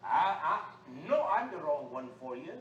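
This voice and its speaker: A man preaching a sermon with call-and-response, swinging from low talk to shouting. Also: very animated, normal speed, highs cut off. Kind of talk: fiery sermon. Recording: echoey room, far from the mic, faint noise.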